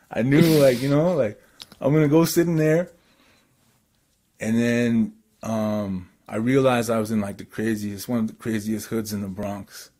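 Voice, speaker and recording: A man from Canada telling a story in casual chat, excitable and rambling with lots of fillers. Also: lowish voice, normal speed.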